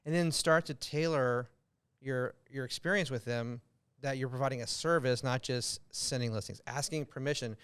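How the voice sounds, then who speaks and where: An American man hosting a podcast, giving advice in a loose, filler-heavy way that gets animated when he makes a point. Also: medium pitch, moderate pace, clear, resonant tone. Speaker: podcast host, real estate coach. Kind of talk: casual podcast chat giving tips.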